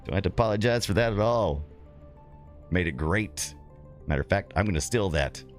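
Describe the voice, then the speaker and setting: A man's voice: deep voice, expressive, normal speed, faint music behind. A middle-aged man streaming a retro game, chatting casually, rambling and laughing while reading his chat.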